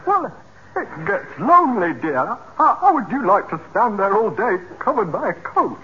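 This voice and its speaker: An actor playing a flustered, hapless customs officer in a radio comedy, dithering and pleading in a fussy manner. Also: male voice, sits high, very animated, moderate pace, pushed and bright, muffled recording, full character voice. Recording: hissy old radio recording.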